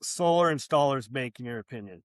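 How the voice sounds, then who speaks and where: A man's voice: mid-range voice, expressive, a little fast, dry recording, studio quality. A man hosting a podcast, chatting casually and making easygoing, encouraging remarks. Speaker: podcast host. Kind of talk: casual interview chat.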